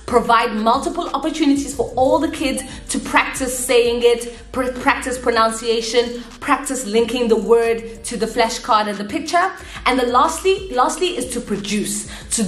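A woman English teacher explaining step by step and checking in often, then switching to an exaggerated, animated voice for young learners. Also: a little high. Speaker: English teacher and video creator. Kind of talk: how-to talk with a mock classroom demo. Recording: echoey room with faint music. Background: faint background music.

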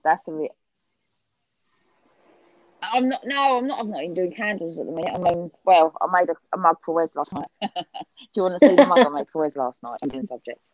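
A woman's voice: fairly low pitch, lively intonation, fairly quick, long pauses, darkish tone, muffled recording. A woman hosting a casual livestream chat, swearing freely and calling people darling. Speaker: livestream host.

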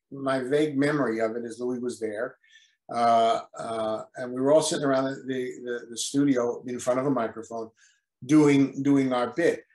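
Older man with halting, repetitive speech. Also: medium pitch, reverberant, rough recording. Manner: hesitant, repeats words, apologetic about memory. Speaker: guest actor. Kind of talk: video call interview. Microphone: video call.

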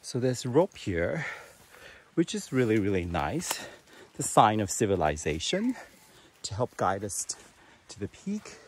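Slow-talking man on a forest trail. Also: fairly low pitch, sing-song, noisy background. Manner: unhurried, chatty, enthusiastic asides. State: out of breath while climbing. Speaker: travel vlogger. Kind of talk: hiking vlog narration. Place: outdoors on a forest mountain trail.

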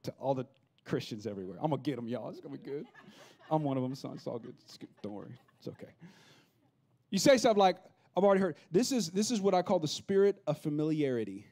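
A pastor preaching a lively, humorous sermon, acting out the people he quotes. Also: on the high side, fast talker. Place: church auditorium.

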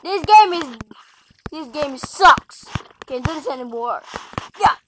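A young gamer talking through a frustrating game, muttering and yelling in exasperation. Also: high-pitched, expressive, slow, background noise. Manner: frustrated, exclaiming, mutters to self. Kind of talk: gaming commentary. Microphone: tablet mic.

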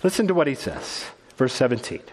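A man's voice: medium pitch, very animated, a little fast, big-room sound. A male pastor preaching a sermon, earnest and conversational, often restarting his phrases. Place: church sanctuary.

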